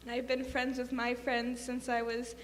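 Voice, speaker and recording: A woman at a memorial with quick, filler-laden asides, reading a letter aloud. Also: on the high side, monotone. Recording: echoey hall with faint hum.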